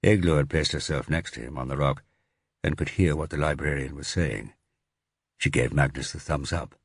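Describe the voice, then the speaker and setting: A man narrating a thriller audiobook in a steady reading voice. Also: extremely low pitch, normal speed, husky, no room sound, studio quality. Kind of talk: scripted narration.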